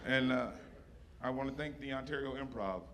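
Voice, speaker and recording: In a live comedy club recording full of audience noise, a man with a mid-range voice speaks at normal speed. His stand-up set turns to his mother, and he swears freely while fighting back tears. He comes across as profane, emotional and on the verge of crying.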